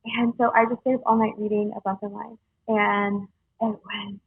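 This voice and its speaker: A young woman telling her personal story in a halting, earnest way, with many fillers, heard over a tinny phone-like line. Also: mid-range voice, little pitch movement, slightly rough, dry recording. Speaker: guest sharing her story. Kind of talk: casual storytelling.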